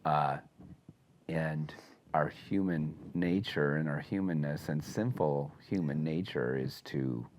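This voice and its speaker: A man co-hosting a casual talk, speaking in a slow, halting, reflective way with many restarts. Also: rumbling low, a little mellow, slight background noise. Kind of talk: casual discussion.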